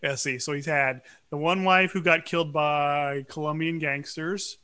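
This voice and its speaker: A middle-aged man from Louisiana chatting casually on a podcast, ranting with quick asides. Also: on the high side, steady tone, sharp tone, clean tone. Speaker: podcast co-host. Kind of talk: casual chat.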